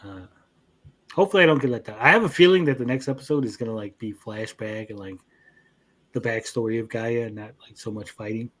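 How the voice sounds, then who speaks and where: A young man co-hosting an anime review show, recapping episodes in casual chat, swearing freely and jumping into quick character voices. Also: medium pitch.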